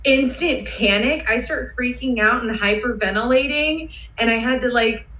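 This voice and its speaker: A woman guest telling excitable, rambling stories with lots of fillers in a casual interview. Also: a little high, moderate pace. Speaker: guest cosplayer. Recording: roomy, dull sound.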